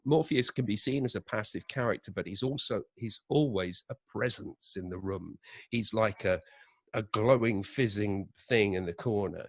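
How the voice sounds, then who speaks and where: A man, a director, telling production anecdotes in a relaxed interview and acting out the quotes he recalls. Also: on the low side, normal speed, gravelly, dry recording. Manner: animated anecdotes with acted-out quotes. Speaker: audio drama director, interview guest. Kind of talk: conversational interview storytelling.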